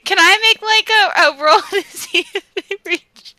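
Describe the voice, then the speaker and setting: Super high bright woman, giggling and excited, dry sound. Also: measured pace, dry recording. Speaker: player. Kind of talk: casual game chat.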